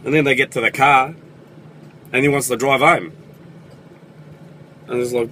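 A man's voice: mid-range voice, steady tone, measured pace, pauses often, pushed and bright, slight background noise. A young man with an Australian accent, telling sarcastic, sweary comedic stories in a vlog.

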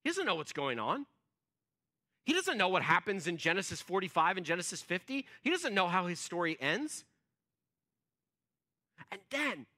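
Bright-voiced man preaching conversationally. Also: high voice. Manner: conversational storytelling, acts out quotes, frequent fillers. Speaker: pastor. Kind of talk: sermon. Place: church.

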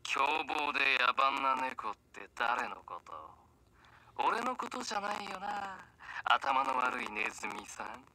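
A bright teasing prankster. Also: male voice, mid-range voice, sing-song, a little fast, exaggerated voice, rough recording. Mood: mocking. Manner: teasing, laughing, mocking. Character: playful teasing young man chasing a friend. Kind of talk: game voice acting.

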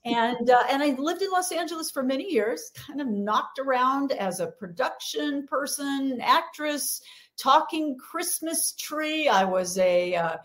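A woman's voice: high-pitched, animated, unhurried, fairly bright tone. A middle-aged American woman, a leadership coach, telling her career story in a chatty, self-deprecating way as an interview guest. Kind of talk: conversational interview.

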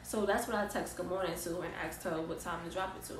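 Brief: young woman vlogger, casual animated storyteller, set back from the mic in an echoey room. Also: fairly low pitch, fast, slight background noise. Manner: casual, slangy, animated retelling. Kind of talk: storytime vlog. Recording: roomy echo, distant mic.

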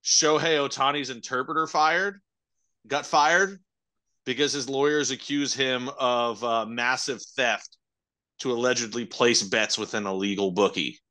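A young man with a bright, forceful voice co-hosts a casual podcast. He talks in a laid-back, jokey way, firing off quick asides and riffs. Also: mid-range voice, steady tone. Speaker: podcast co-host. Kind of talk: casual chat.

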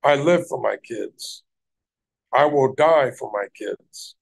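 A man's voice: mid-range voice, slow pace, creaky, husky. A man hosting a livestream, ranting heatedly at people in his chat and swearing heavily. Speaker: livestream host.

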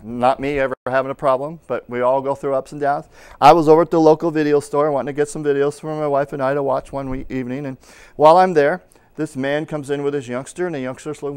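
A man's voice: fairly high pitch, steady tone, fast, a little mellow, clean tone. A middle-aged man, a pastor, teaching in a conversational sermon style and acting out little anecdotes. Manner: conversational preaching with acted-out anecdotes. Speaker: pastor teaching at a Bible school.

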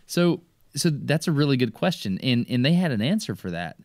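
A man, an excitable podcast host eagerly explaining things in casual chat. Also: mid-range voice, a little fast, no room sound, clean studio sound.

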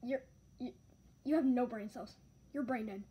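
A woman's voice: on the high side, normal speed, dark tone, close to an everyday voice. A woman voicing an exasperated father scolding his son in a homemade puppet parody, impatient and cranky.

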